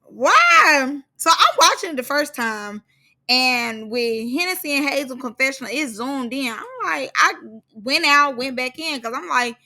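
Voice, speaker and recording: A woman casually recapping a reality show for her followers, animated and slangy, often breaking into laughter. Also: high voice, measured pace. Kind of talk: casual gossip commentary.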